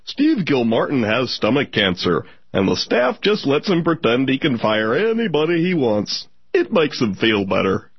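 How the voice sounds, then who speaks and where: A soft, husky cartoon turtle, kindly and wise, his pitch swinging up and down as he soothes a troubled friend, as a man puts him on. The sound is dry and a little dull, like a lo-fi radio sketch. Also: huge pitch swings, normal speed, few pauses, no room sound, exaggerated voice. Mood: reassuring. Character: kindly male cartoon turtle mentor, gentle.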